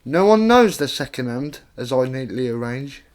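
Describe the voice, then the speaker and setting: A man's voice: medium pitch, very animated, normal speed, a little mellow. Man reading his own rhyming poems. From Staffordshire, England. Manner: plain, conversational reading in rhyming verse. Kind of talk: poetry reading with spoken introductions.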